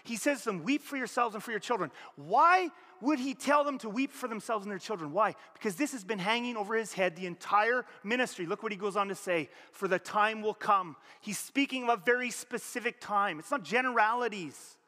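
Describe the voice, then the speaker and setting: Canadian guy preaching, high bright voice, jumps up and down in pitch and volume, big hall echo. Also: brisk, few pauses. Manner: animated, conversational preaching with sudden rises and drops in pitch and volume. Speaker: pastor. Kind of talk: sermon. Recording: long hall reverb.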